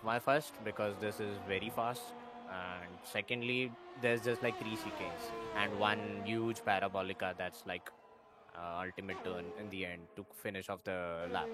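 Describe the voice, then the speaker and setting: A man's voice: lowish voice, steady tone, moderate pace, noisy background. A man co-commentating a sim race, chatty and hesitant with many fillers. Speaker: co-commentator and racer.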